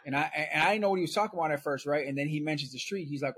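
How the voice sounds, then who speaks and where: A man's voice: fairly high pitch, racing, hardly any pauses, a bit bright, breathy edge. A man guest on a podcast, telling his story in a casual, conversational way and checking in with "right?".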